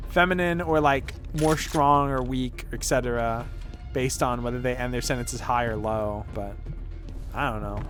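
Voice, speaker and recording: A man streaming as a vtuber, chatting casually and rambling through tangents with offhand swearing. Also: mid-range voice. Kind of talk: casual gameplay chat.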